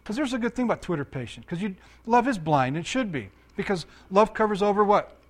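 A pastor and counselor delivers a sermon, reading scripture aloud, commenting on it and putting questions to his listeners. His high-pitched voice moves fairly quickly and he is animated throughout.

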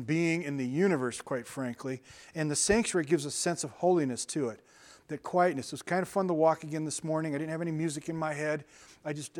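Animated, conversational male pastor preaching. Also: on the high side. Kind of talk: sermon.

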